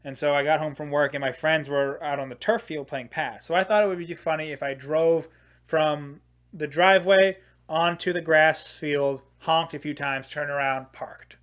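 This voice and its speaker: A man's voice: on the high side, moderate pace. Profane, rambling young man telling stories. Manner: rambling, profane, many filler "like"s; animated, laughing at his own jokes. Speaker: podcast host. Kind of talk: casual comedic storytelling.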